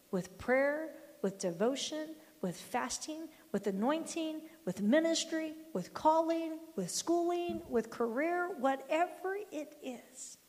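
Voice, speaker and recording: Older woman, devotional storyteller, emphatic delivery, gravelly voice with long reverb tail. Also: high voice, a little mellow. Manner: emphatic, firm, quotes scripture and acts out dialogue. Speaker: grandmother giving a devotional talk.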